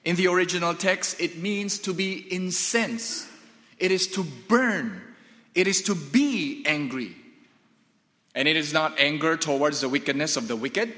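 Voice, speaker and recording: A man preaching a sermon, deliberate and emphatic, asking rhetorical questions and answering them. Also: on the high side, bright, forceful tone, big-room sound.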